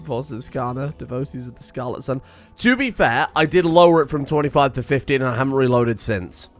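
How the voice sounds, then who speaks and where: A man giving excitable, self-mocking commentary while playing a game, thinking aloud and swearing. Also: mid-range voice, fairly quick, faint music behind. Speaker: gaming streamer. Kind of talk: casual gameplay commentary.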